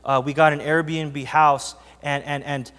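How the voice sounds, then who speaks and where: Male pastor, earnest conversational sermon, slightly high voice, long church reverb. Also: flat delivery, unhurried, a bit bright. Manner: earnest, conversational preaching with scripture reading. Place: church sanctuary.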